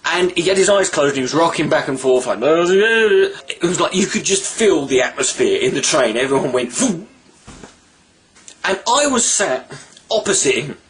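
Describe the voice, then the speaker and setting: A man telling a story in a casual vlog monologue, animated, rambling and swearing freely. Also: on the high side. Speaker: vlogger.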